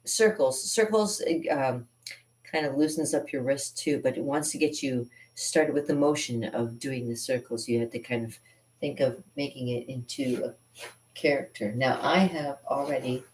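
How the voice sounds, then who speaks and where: A woman's voice: extremely low pitch, moderate pace, a little mellow, a little hiss or hum. A woman artist hosting a live drawing stream, chatting casually and rambling with frequent laughs as she teaches.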